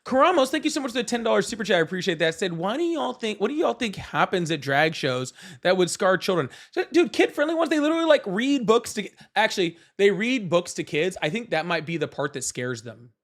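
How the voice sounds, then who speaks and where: A man's voice: high-pitched, sing-song, fairly quick, few pauses. Profane, rambling young male livestream host. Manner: loose and profane, many fillers and restarts. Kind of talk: casual livestream debate with callers.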